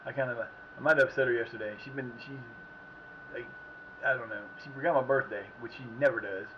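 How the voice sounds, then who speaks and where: A man commentating his own game on a live stream, drifting between quiet muttering and sudden outbursts at the plays. His voice sits in an ordinary middle register, and the sound is a bit muffled, with a faint hiss underneath. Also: mid-range voice, fairly even intonation, fast. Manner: rambling, muttering to himself, reacting loudly to plays. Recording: slightly muffled with faint background noise.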